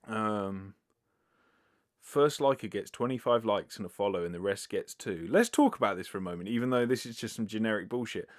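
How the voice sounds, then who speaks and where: Male solo podcaster, slightly low register, loose and sweary, talking close to the mic. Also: lively intonation, fairly quick. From United Kingdom. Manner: rambling, filler-heavy, swears casually. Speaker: podcast host. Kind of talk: casual solo podcast answering listener questions. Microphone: close sensitive microphone.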